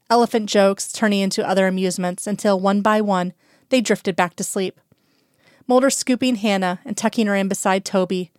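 Woman narrator, audiobook, calm even reading, smooth clear voice, close mic, dry sound. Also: medium pitch, no echo. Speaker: audiobook reader. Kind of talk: fan fiction audiobook narration.

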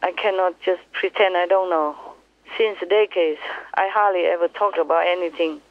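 A woman's voice: on the low side, steady tone, normal speed, no echo. A woman teacher speaks fervently to her disciples on a phone call. She hammers her points home and repeats them. The line is tinny and narrow, and the voice sits dry with no room sound. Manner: impassioned, repetitive, emphatic. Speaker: spiritual teacher. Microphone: telephone.

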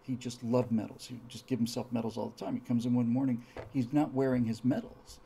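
A man hosting a history talk, an animated storyteller who acts out the punchlines. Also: medium pitch, a little fast, vocal fry, husky. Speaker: podcast host telling historical jokes. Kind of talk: storytelling lecture.

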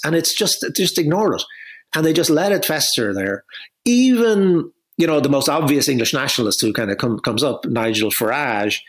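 A middle-aged man talks as an interview guest, building a long analytical argument. He restarts phrases often and leans on conversational asides. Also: on the high side. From Ireland. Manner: discursive, frequent restarts and "you know", wry laughs.

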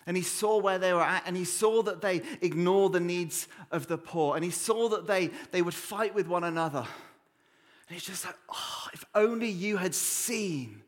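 A man preaching a sermon in church, with dramatic pauses and dropping to a low hush on key words. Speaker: pastor.

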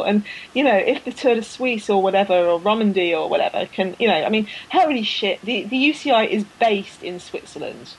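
A woman's voice: mid-range voice, big pitch swings, moderate pace, hardly any pauses, a little hiss or hum, low-quality recording. Chatty woman podcast host, rambling and enthusiastic. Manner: chatty, rambling with many fillers and restarts. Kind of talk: casual chat.

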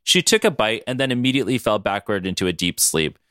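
A man's voice: lowish voice, quick pace, dry recording, clean studio sound. A man co-hosting a podcast, reading silly fan fiction aloud and laughing at it. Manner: animated, breaks into laughter. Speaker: podcast co-host.

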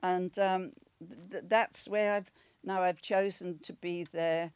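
A woman's voice: fairly low pitch, fairly even intonation, slow, darkish tone, clear, resonant tone, dry recording. A woman in her eighties from Wales with a Welsh accent, telling a personal story in a chatty, rambling way with restarts. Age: 80s.

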